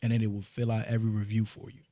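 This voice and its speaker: In a podcast studio, a male co-host with a New York accent tells work stories on a casual show, speaking fast and emphatically and restarting his sentences often. His voice is lowish and mellow with a completely flat delivery, captured in a dry, clean studio recording.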